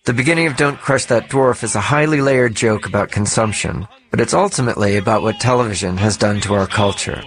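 A man narrating a documentary in a measured, explanatory way. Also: fairly low pitch.

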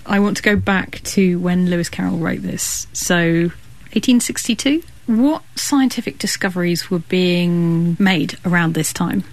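A woman with a fairly low voice hosts a radio science show at a measured pace, introducing segments and asking curious questions as she presents and interviews.

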